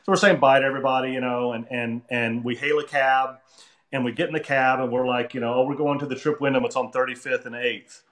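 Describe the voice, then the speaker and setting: A man's voice: mid-range voice, fairly even intonation, quick pace, fairly bright tone. A man casually telling rambling, funny stories, restarting sentences and quoting people as he goes. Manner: chatty, rambling anecdotes with restarts and quoted voices. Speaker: artist telling stories on a Q&A stream. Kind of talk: casual storytelling. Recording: echoey room.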